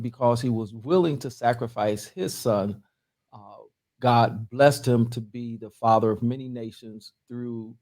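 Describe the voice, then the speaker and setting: Man pastor calmly retelling a Bible story. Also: medium pitch. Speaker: pastor, guest.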